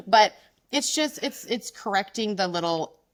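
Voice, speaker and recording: A middle-aged woman talking bluntly and emphatically in a casual interview, quick and frank, slipping into mocking quoted voices. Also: mid-range voice, lively intonation. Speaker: guest, business founder.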